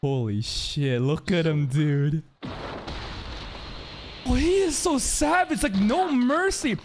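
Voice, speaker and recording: An anime reaction channel host giving casual, excitable commentary, swearing often and laughing a lot. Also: medium pitch, takes it slowly.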